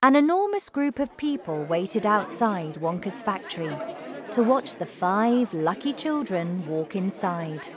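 A woman slowly reading a simple storybook and word list for language learners. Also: medium pitch, sing-song, a crowd in the background. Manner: careful, clearly paced reading. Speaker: narrator.

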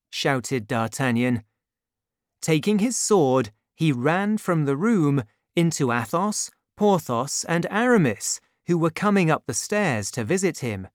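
A narrator reading a storybook aloud in a clear, even storytelling manner. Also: mid-range voice, takes it slowly, dry recording, clean studio sound.

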